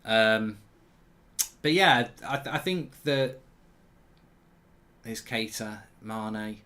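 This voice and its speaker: A man's voice: lowish voice, very slow, sharp tone. A man hosting a live football watchalong, chatting and answering viewer questions. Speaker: host.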